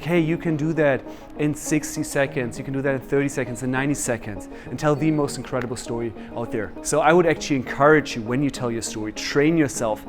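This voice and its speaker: Energetic man leading a workshop. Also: medium pitch. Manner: energetic, quizzes the audience. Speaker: storytelling workshop leader. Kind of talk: interactive workshop teaching.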